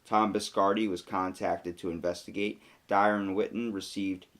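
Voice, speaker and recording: A man's voice: sits low, flat delivery, moderate pace, a bit bright. A man co-hosting a casual podcast, reading facts aloud and then riffing on them jokingly with plenty of fillers. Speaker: podcast co-host.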